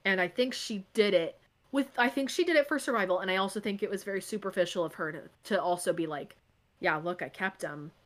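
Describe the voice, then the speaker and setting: Young woman, podcast co-host, casual book chat, reads passages aloud, animated, exasperated. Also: mid-range voice, fast talker.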